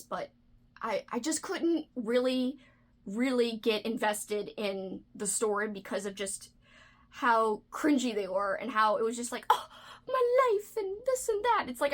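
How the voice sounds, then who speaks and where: A chatty woman talking through a book tag video, her voice sitting a little high. She rambles with plenty of fillers and gets excited about the books she loves. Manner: chatty, enthusiastic, uses lots of "like" and "freaking". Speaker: book vlogger. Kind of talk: casual book tag vlog.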